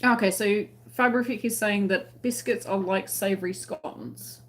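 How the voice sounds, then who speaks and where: Hosting her crochet channel's live stream, this Australian woman speaks at medium pitch without hurrying. Her chat is casual and friendly, full of laughter, as she reads viewers' comments aloud.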